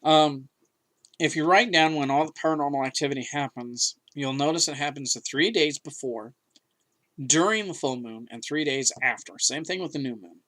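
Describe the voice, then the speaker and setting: A man's voice: fairly high pitch, normal speed, a bit bright. A man co-hosting a podcast, talking in an emphatic, rambling way with many restarts. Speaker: podcast co-host. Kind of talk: casual chat.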